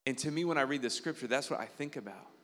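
A male pastor gives a relaxed, conversational sermon at an ordinary middle pitch. He keeps checking in with his listeners through quick tag questions and turns earnest, with sudden leaps up in pitch. His voice carries a long reverb, as though recorded in a church hall. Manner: earnest, animated preaching with sudden jumps in pitch.

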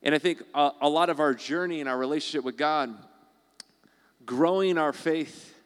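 Male pastor, casual sermon delivery, smooth voice, long hall reverb. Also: fairly high pitch, moderate pace. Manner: conversational, acts out quoted voices.

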